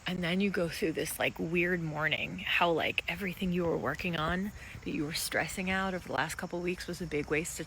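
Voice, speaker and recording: A woman's voice: low voice, creaky, a bit bright, a little hiss or hum, rough recording. A young woman candidly vlogging about being laid off, frank and wry, swearing freely. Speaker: laid-off office worker vlogging. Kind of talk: candid confessional vlog.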